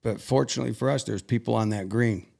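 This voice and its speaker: A young man earnestly recounting a personal story as an interview guest, halting and emotional at times. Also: mid-range voice, gravelly, darkish tone.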